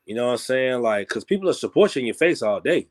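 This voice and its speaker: Rambling, casual man talking shop. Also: quick pace. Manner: loose, rambling, peppered with "you know what I'm saying"; grows animated and higher when making a point. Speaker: guest musician. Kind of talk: casual interview talk.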